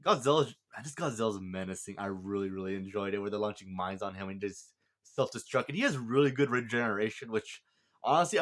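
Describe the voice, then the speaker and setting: A man's voice: mid-range voice, a bit bright. A man casually reviewing a movie, rambling with lots of fillers and restarts. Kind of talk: casual film review vlog.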